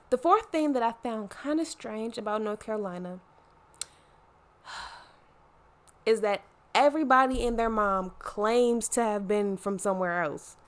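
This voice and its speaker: A woman in her twenties from Baltimore, with a Baltimore accent and a slight Southern twang, talking to camera in a chatty, slangy, playful way. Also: medium pitch. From Baltimore, Maryland. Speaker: vlogger. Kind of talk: casual chat to camera.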